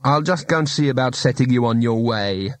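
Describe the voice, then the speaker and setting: A man voicing a fussy, salesy little male shopkeeper with a chatty, brisk manner. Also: medium pitch, dry recording, close to an everyday voice.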